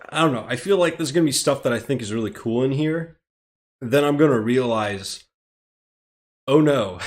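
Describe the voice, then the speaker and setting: A man with an American accent, reading a script aloud on a live stream and rambling in self-deprecating asides. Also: lowish voice. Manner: rambling and self-deprecating, chuckling between phrases. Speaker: streamer, host.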